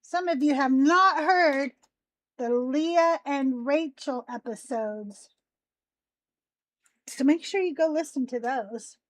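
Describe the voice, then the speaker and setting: Her voice sits high and sounds youthful, almost teenage, as she hosts a live call-in stream. She rambles through casual chat at a slow pace with long pauses.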